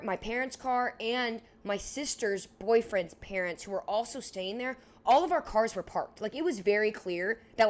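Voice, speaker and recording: A young woman in her twenties co-hosting a podcast, telling a story in a casual, animated way, filling it with "like" and acting out what people said. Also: fairly high pitch. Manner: animated, heavy use of "like", acts out dialogue. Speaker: podcast co-host.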